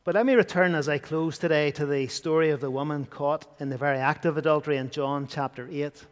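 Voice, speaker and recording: A man preaching a sermon, his voice sitting a little higher than most. He is earnest and now and then sinks to a hush to press a point. A long reverb trails after his words. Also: fairly even intonation, a little fast. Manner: earnest preaching, dropping to hushed tones for emphasis.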